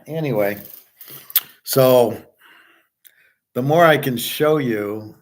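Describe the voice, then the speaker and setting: A man holding forth in a loose, rambling monologue. He talks bluntly and swears freely, and his voice sits at an ordinary middle pitch. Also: very slow, darkish tone. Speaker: host. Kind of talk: casual monologue.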